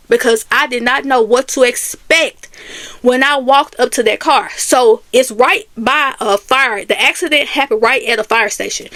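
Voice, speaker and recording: A woman casually telling a personal story to her viewers, animated and talking straight to them. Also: high voice, no room sound. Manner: animated, Southern US Black vernacular phrasing, addresses viewers as y'all.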